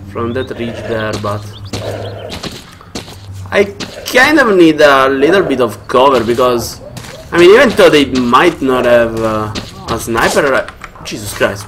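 A man's voice: medium pitch, noisy background. A man giving let's play commentary, frustrated and muttering to himself as he plays, often swearing. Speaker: gamer.

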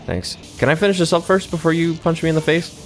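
A man's voice: a little high, fast, soft background music. A young man giving casual, sarcastic gameplay commentary, swearing freely and chuckling to himself.

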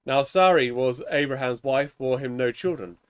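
Man reading psalms in measured tones. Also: mid-range voice, clean tone. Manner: measured, solemn reading with small stumbles. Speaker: minister leading evening prayer. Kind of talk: liturgical reading of psalms and scripture.

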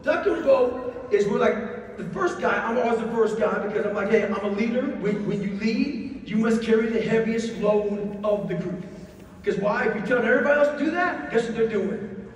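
A man telling blunt, heavily sworn motivational stories as a guest speaker, talking in an intense, hard-driving way. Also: very high voice. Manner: blunt, intense, heavy swearing. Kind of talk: profane motivational storytelling. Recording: echoey hall, distant mic, faint noise.

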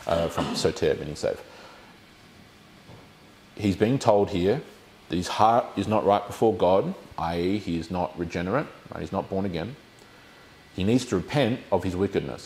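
A deep-voiced man leads a Bible study. He explains each point and puts questions to the group as he goes. His voice sits low. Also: a little mellow, slight background noise.

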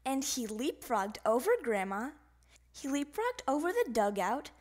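A woman reading a children's picture book aloud in an animated, expressive way. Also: high-pitched, unhurried. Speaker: storybook reader. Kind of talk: children's storybook read-aloud.

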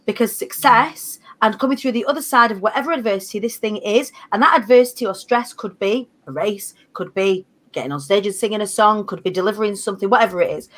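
A woman's voice: medium pitch, fairly bright tone. A woman, a guest on a panel, talking earnestly and expressively, with blunt slang. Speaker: panel guest, foundation founder. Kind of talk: motivational panel talk.

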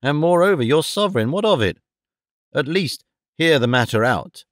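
A man voicing a cynical young gentleman in an audiobook, dropping dry, mocking asides in a lower voice. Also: animated, moderate pace, no room sound, natural voice. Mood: wry. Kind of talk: audiobook reading.

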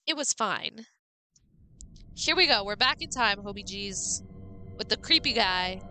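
A woman's voice: fairly high pitch, sing-song, normal speed, pushed and bright, no echo, low-quality recording. A woman streaming a horror game live, chatting playfully with her viewers and sounding jittery. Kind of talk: live gameplay commentary.

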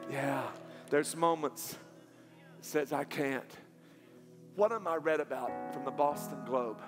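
Southern pastor with a high voice, preaching in a reverberant hall, hushed storytelling that swells to loud emphatic peaks. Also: male voice. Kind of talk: sermon. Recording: long hall reverb with faint music.

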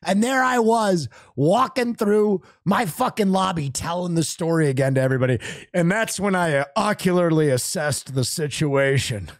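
A man's voice: high voice, normal speed, no echo, clean studio sound. A man streaming, telling a story in casual chat, self-mocking and swearing often.

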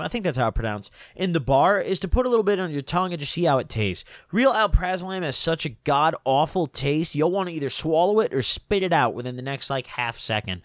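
A young man vlogger telling a story in an animated, profane, indignant way. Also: a little high, no room sound, clean studio sound. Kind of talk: storytime vlog.

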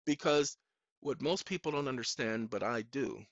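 A man's voice: moderate pace, no echo. A man giving an impassioned, preachy monologue to camera, full of rhetorical questions to his audience. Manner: swings between loud outbursts and low, hushed stretches. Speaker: video blogger. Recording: dull, dry lo-fi recording.

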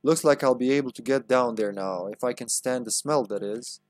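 A man's voice: medium pitch, normal speed, a little mellow, no echo, soft background music. A man giving live gameplay commentary as a streamer, joking crudely and talking back to the game.

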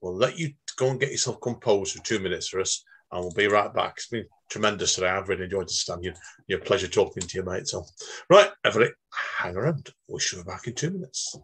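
A man's voice: low voice, expressive, quick pace, a bit bright, breathy edge. A man hosting a podcast, chummy and upbeat, calling his guest "mate". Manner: chummy, says mate a lot, upbeat wrap-ups. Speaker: podcast host. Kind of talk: casual interview chat.

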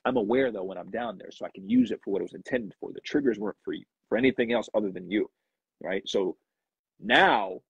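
Man, motivational live host, very raspy with fry, preachy repetition, dry lo-fi stream sound. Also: no echo. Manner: preachy, repetitive, rising to emphatic highs.

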